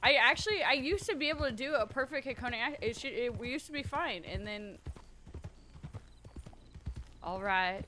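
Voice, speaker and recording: A young woman with a slight twang, streaming casually, attempts a character voice while swearing often and criticizing herself. Her voice is a little high, sharp and expressive, at a moderate pace with long pauses and slight background noise.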